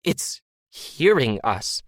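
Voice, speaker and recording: A man's voice: medium pitch, big pitch swings, very slow, fairly bright tone, dry recording, studio quality, heavily acted. A man voicing an unseen, disembodied voice running a glitching simulation, clipped and urgent. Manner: clipped, urgent technician talk. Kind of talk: audiobook character voice.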